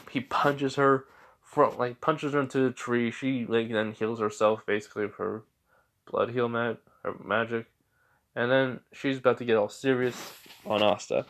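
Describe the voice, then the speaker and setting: A man narrating a fan story in a rambling, halting way, often correcting himself. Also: mid-range voice.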